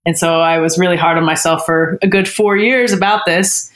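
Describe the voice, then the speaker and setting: A woman guest on a podcast, telling a personal story in a candid, heartfelt way with frequent pauses and restarts. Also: lowish voice, fairly even intonation.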